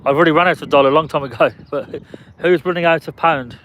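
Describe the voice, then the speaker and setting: A man's voice: on the high side, fast talker, a bit bright, slight background noise. A man live-streaming from a parked car in a casual, chatty way, answering viewers' comments by name and playfully guessing the names of passers-by.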